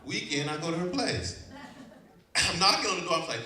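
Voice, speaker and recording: Brief: male storyteller, slightly high voice, heard from a distance, audience reacting. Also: fairly quick, slight background noise. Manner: animated, often laughing while telling. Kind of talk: live personal storytelling. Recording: echoey venue, distant mic, audience.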